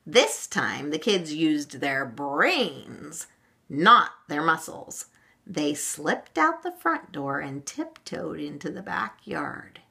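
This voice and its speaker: A woman reading a children's storybook aloud in an expressive, gentle way. Her bright voice rises and falls a lot, and she takes her time over each line. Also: deep voice, slow, vocal fry.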